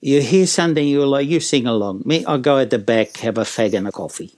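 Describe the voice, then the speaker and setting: Role: a man doing a sulky tenor, broken English, complaining and deadpan. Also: medium pitch, a little fast, natural voice. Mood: grumpy grumbling. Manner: complaining, clipped broken grammar. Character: grumpy famous male opera tenor, broken English.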